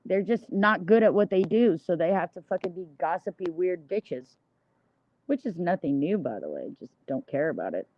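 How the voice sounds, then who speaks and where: A woman's voice: on the low side, big pitch swings, normal speed, dry recording. A woman livestreamer ranting in a blunt, heavily profane, indignant monologue. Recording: dull, dry lo-fi mic.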